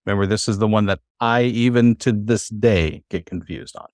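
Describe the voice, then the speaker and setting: A man's voice: lowish voice, moderate pace, darkish tone, no room sound, studio quality. A man teaching a classroom lesson, patient and encouraging, with many fillers. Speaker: Hebrew teacher.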